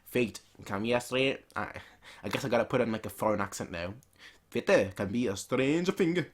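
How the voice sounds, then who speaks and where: A man's voice: mid-range voice, animated, moderate pace. A man hosting a manga reaction, reading the pages aloud with casual, playful asides.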